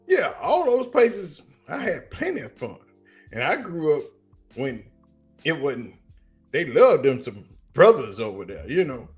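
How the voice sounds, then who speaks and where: On a livestream, a fairly high-pitched man with a Southern US drawl gives lively, casual sports commentary and spins slang-heavy stories.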